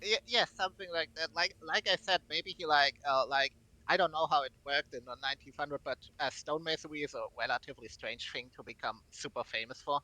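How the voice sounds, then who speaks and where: Bright-voiced, hesitant man. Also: fairly high pitch, a little fast, low-quality recording. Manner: hesitant, many fillers. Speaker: tabletop game player. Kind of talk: casual chat.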